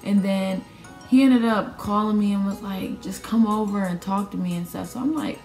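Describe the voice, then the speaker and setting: A woman's voice: medium pitch, moderate pace, soft background music. Slangy young woman in echoey room. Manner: animated, slangy, acts out quoted dialogue. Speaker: vlogger telling a personal story. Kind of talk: casual storytime. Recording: roomy echo.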